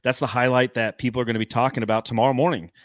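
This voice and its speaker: A man's voice: mid-range voice, steady tone, racing, no room sound. A man hosting a casual sports podcast, talking in a loose and profane way. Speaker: podcast host.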